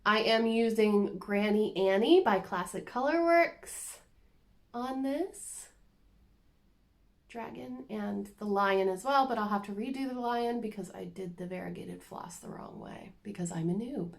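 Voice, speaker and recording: Unhurried woman chatting about crafts. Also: mid-range voice, creaky. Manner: chatty, self-deprecating, giggly asides. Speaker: cross-stitch vlogger. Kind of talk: casual show-and-tell chat.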